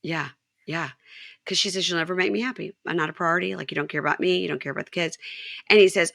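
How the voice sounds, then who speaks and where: Bright-voiced woman hosting a chatty recap. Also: lowish voice, brisk, vocal fry, dry recording, studio quality. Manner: animated retelling, quoting dialogue. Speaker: podcast host. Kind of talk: casual chat recapping a show.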